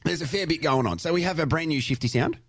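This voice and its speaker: A man's voice: fairly high pitch, quick pace, no echo, studio quality. An Australian man hosting a podcast, joking and steering the conversation in casual chat. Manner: lively, joking, runs the show. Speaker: podcast host.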